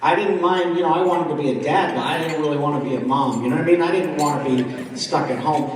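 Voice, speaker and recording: A man's voice: a little high, fast talker, slight background noise. A man from the East Coast of the United States doing stand-up comedy at a dinner and chatting with the crowd. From East Coast of the United States, around Washington, D.C. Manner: chatty crowd work, often asking the audience questions. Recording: echoey hall, voice from far off.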